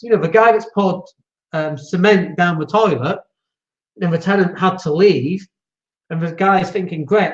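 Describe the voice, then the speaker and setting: A man hosting a property investing show, talking bluntly in a casual monologue and acting out the voices he quotes. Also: high voice. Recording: roomy, dull lo-fi sound.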